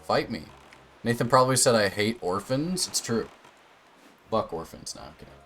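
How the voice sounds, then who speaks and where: A man's voice: lowish voice, expressive, normal speed, a bit bright, soft background music. A young man streaming a game, chatting casually, swearing and laughing at his own stories. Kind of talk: casual chat while playing.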